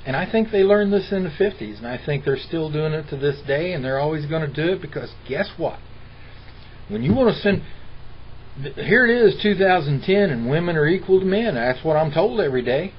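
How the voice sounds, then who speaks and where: Interviewed as a guest, a middle-aged man tells impassioned personal stories in a fairly quick, expressive voice that runs on the high side. He gets argumentative and imitates the people he quotes. The lo-fi recording sounds dull, with a faint hiss.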